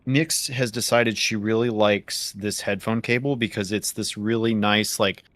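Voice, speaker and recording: A man's voice: on the low side, fairly even intonation, measured pace, a bit bright. A man chatting casually while gaming, laid-back, trailing off and swearing offhand. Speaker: gamer.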